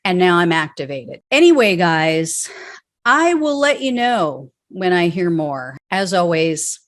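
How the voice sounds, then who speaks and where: A woman's voice: on the low side, sing-song, unhurried. A woman hosting her own political commentary show, ranting angrily and bluntly with plenty of profanity. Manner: mocking impressions of politicians. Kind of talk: solo political commentary rant.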